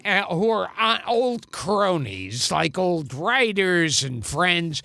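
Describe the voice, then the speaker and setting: A man's voice: high voice, very animated, takes it slowly, creaky, pushed and bright, dry recording. A man telling comic show-business anecdotes in casual chat, stammering and restarting as he acts out quotes. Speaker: comedian guest.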